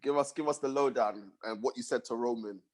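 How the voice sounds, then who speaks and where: A man's voice: mid-range voice, fairly quick, a little mellow. A man, chatting casually about football on a podcast and prompting his co-host.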